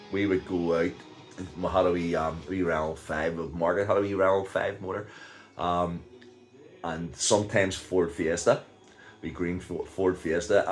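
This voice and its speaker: An older Northern Irish man with a very low, deep voice spins a rambling story from his younger days, pausing on fillers and breaking into chuckles. Soft instrumental music plays faintly behind him. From Northern Ireland. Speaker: vlogger. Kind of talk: casual storytelling.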